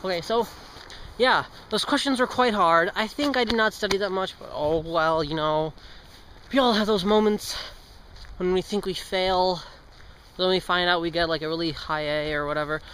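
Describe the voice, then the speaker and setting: A teenage boy speaks at a normal speed in a high-pitched, somewhat bright voice as he walks and vlogs on a street with cars going past. He rambles, trips over his words, jokes and swears casually. The recording is low quality, with a little hiss or hum.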